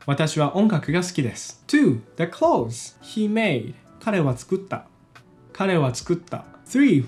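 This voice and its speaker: Man, language teacher, fairly high, lively intonation, step-by-step explaining. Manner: explains step by step, repeats each example sentence twice. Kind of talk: explanatory video lesson.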